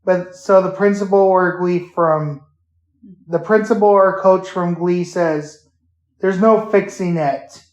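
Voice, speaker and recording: Man, podcast host, casual retelling, halting with fillers, unhurried, roomy echo. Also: high voice, steady tone, darkish tone. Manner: halting, with many fillers and restarts. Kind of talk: casual retelling of a theme park show.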